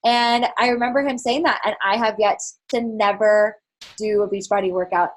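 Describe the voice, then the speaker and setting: On a candid motivational call with her team, this woman speaks in a steady, mid-range voice at normal speed. She's a network marketing fitness coach, talking frankly and loosely with plenty of fillers and a swear word here and there.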